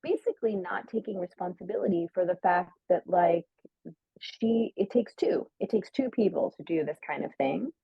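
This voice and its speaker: Husky woman telling a story over a phone-like line. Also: lowish voice, normal speed, no room sound. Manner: chatty, full of "like", acts out quoted lines. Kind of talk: casual storytelling on a livestream. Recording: narrow phone-like sound, dry.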